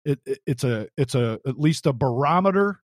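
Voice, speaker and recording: A man's voice: medium pitch, expressive, moderate pace, dry recording, clean studio sound. A man co-hosting a boxing podcast, ranting in casual chat, swearing and mocking with put-on voices. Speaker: podcast co-host.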